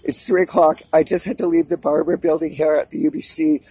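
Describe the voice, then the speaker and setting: A man's voice: a little high, flat delivery, brisk, creaky, mellow, husky, no room sound. A man talking in an agitated, rambling video monologue, shaky and distressed, often restarting his sentences. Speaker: vlogger.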